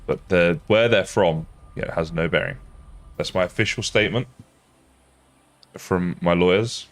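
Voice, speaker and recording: A man's voice: deep voice, normal speed. A young man chatting casually while streaming a game, self-mocking and laughing often. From England. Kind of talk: casual live-stream chat while gaming.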